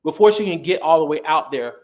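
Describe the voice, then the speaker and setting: A middle-aged man telling stories in a casual interview, animated and sassy, acting out quotes. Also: a little high, fast. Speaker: guest.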